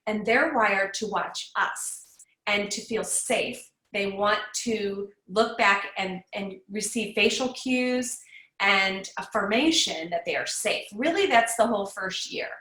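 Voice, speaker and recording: A woman's voice: mid-range voice, takes it slowly, sharp tone, echoey room, low-quality recording. A woman speaking as a guest on an online parenting summit, teaching in an encouraging, conversational way over a video call. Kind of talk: live online summit talk.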